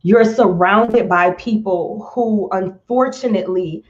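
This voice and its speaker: A woman talking slowly and with feeling on a live stream, close to tears at times and repeating words as she reaches for them. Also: medium pitch, highs cut off. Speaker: motivational speaker on a live stream. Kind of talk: heartfelt live-stream talk.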